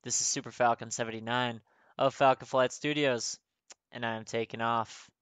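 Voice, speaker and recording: A man's voice: medium pitch, steady tone, moderate pace, a bit bright, clean tone, no room sound. A young man playing a horror game, panicking, screaming and swearing, then signing off with jokes. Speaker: gaming YouTuber. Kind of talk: horror game let's play commentary.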